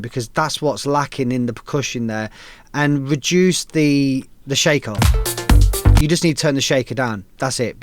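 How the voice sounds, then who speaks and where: A man's voice: medium pitch, no echo. A man casually hosting a live stream, giving laid-back, enthusiastic feedback on music tracks with plenty of slang.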